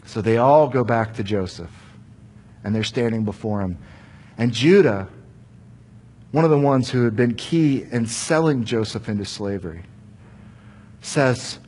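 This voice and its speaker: A man's voice: mid-range voice, lively intonation, unhurried, long pauses, a little mellow, slight background noise. A man preaching, retelling a Bible story conversationally and asking the listeners questions. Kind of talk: storytelling sermon.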